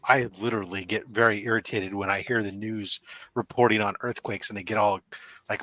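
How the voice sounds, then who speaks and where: A man's voice: fairly low pitch, steady tone, a little fast, fairly bright tone, no echo. Guy hosting a hangout stream, rambly, explains stuff with lots of asides, video call mic. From California. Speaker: podcast host. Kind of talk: casual panel chat.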